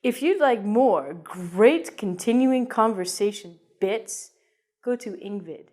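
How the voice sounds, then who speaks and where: A woman teaching an English lesson in a playful, animated way. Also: mid-range voice, slow. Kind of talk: video lesson.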